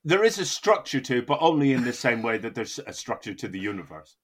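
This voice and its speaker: A man's voice: medium pitch, big pitch swings, fast, a bit bright, husky. A man hosting a comedy podcast, talking in a sweary, mock-outraged joking way. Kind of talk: casual comedic chat.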